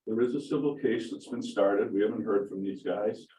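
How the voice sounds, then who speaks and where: A middle-aged man speaks up at a town board meeting, low-voiced and worked up, driving each point home again and again. His voice carries from a good distance off the mic, with the echo of a large meeting room around it. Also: normal speed, warm tone. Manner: emphatic, indignant, repeats points for stress. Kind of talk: public comment at a meeting.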